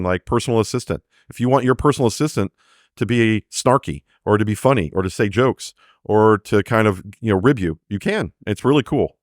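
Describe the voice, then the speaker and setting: A man with a fairly low voice talks through how technology works as a guest on an interview. He loosens up into chatty asides and acts out little quoted exchanges. The sound is dry and close, with no room around it. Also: no echo. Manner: explains with quoted examples, many fillers. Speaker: AI developer guest. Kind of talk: conversational interview explanation.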